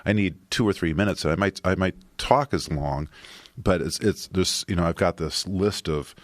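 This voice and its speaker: A man, a filmmaker guest on a podcast, speaking softly and haltingly with many restarts. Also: sits low, no echo. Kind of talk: casual interview chat.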